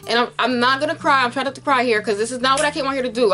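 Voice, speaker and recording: A young woman vlogger, emotionally retelling a frightening medical episode in a casual, animated way to camera. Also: high voice, quick pace, hardly any pauses, soft background music.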